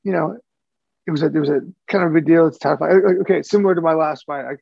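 A man's voice: a little high, rapid-fire, creaky, a little mellow, muffled recording. A man co-hosting a podcast, talking in a loose, rambling way and repeating words as he thinks. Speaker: podcast co-host. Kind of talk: casual chat.

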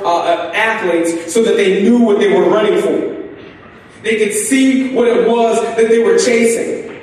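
A man's voice: high-pitched, a little mellow, far from the mic, slight background noise. A man preaching a sermon as pastor, building intensity through repeated phrases and asking the congregation questions. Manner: preaching with rising intensity and repetition. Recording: echoey hall, voice picked up from afar.

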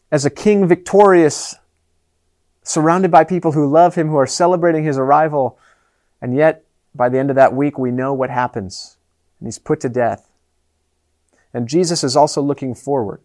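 A man's voice: on the high side, moderate pace. Earnest man preaching a sermon. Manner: earnest, swings between raised and hushed delivery. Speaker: pastor.

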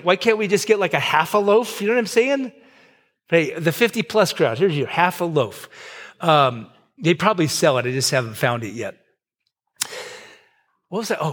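High-voiced pastor in his fifties. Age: 50s. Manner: conversational, joking asides, swings loud and soft. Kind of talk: sermon.

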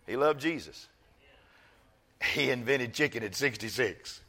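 An older man, a grandfather serving as pastor, preaches a sermon in an expressive mid-range voice, moving between loud exhortation and soft, slow storytelling.

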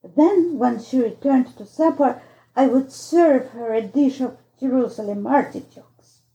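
Woman reading a storybook, slow and measured, gravelly, muffled lo-fi. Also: high voice, dark tone, reverberant. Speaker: audiobook narrator. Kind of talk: storybook narration.

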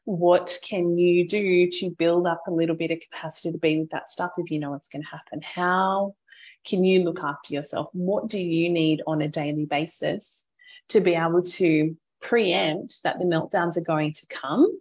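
A woman hosting a podcast, candidly recounting a hard parenting moment and offering gentle advice to listeners. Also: fairly low pitch, fairly even intonation, normal speed, highs cut off. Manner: open, reflective storytelling with frequent laughter. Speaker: podcast host and mother. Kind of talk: candid personal podcast talk.

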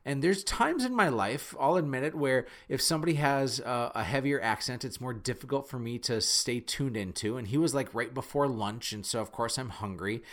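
A man from North Dakota with a Midwestern accent, telling a personal story in an animated, earnest, self-deprecating way. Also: mid-range voice. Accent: Midwestern American. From Fargo, North Dakota.

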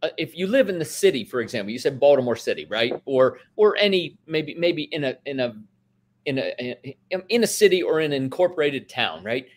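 A man's voice: a little high, sing-song, a little fast. A man who is an investment expert, explaining in casual talk and often checking in with the listener. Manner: explains with many "right?" tags and restarts.

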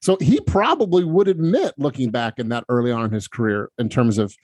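A man hosts an interview podcast in a relaxed, conversational way, often thinking aloud with small fillers. His voice is mid-pitched, and the sound is dry and close. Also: brisk, no room sound. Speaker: podcast host.

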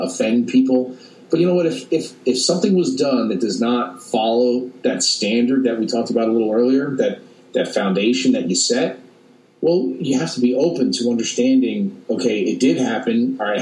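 A man in casual business talk, speaking haltingly with many restarts and repeated words. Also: mid-range voice, darkish tone, distant mic. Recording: echoey room, off-mic.

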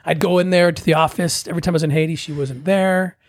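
A middle-aged man telling a personal story in a casual, animated way, acting out the voices of the people in it. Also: on the high side, quick pace, no echo, studio quality. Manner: animated, acts out quoted voices. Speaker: guest telling his story.

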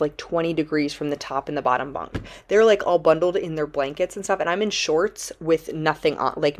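A woman's voice: deep voice, a little mellow. A young woman vlogging casually to camera, telling a story dramatically and saying "like" a lot. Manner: dramatic, chatty, heavy use of "like". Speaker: travel vlogger.

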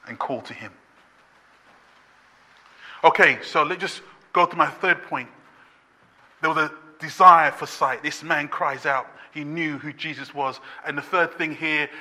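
A man preaching a sermon as pastor, impassioned and building to shouts with repeated refrains. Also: on the high side. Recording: long reverb of a church hall.

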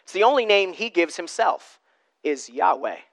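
A man preaching a teaching sermon, talking straight to his listeners, moving from loud stressed words to hushed asides. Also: high-pitched, very animated, moderate pace, creaky. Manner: conversational, addresses listeners directly. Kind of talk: sermon teaching from note sheet.

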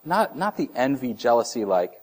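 A man's voice: medium pitch, big pitch swings, moderate pace. A man in his thirties preaching a sermon in a conversational way, restarting phrases and acting out short voices. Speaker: pastor.

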